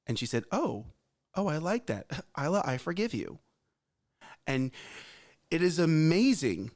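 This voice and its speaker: A man's voice: fairly high pitch, sing-song, unhurried, a little mellow. A man co-hosting a casual morning talk show, speaking emphatically and repeating his points. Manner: emphatic, repeats phrases, advice-giving. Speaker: co-host.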